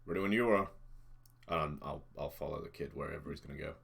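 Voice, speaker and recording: A man playing a tabletop game, describing his character's actions in a halting way with many fillers. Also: rumbling low, gravelly, a bit bright. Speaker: player. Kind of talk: casual tabletop game play.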